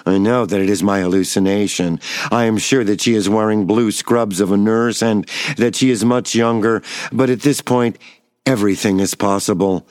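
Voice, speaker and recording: A man giving a measured, wry first-person reading of a personal memoir. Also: lowish voice, steady tone, darkish tone, no echo, studio quality.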